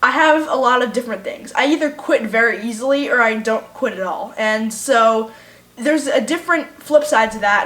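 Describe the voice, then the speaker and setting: A woman's voice: a little high, a bit bright. A woman writer reflects thoughtfully on her character in a behind-the-scenes interview. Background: faint music.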